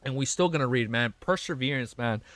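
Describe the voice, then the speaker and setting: A young man streaming, reading a web novel aloud and breaking off to react in excitable, slangy, profane bursts. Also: medium pitch, brisk, dry recording.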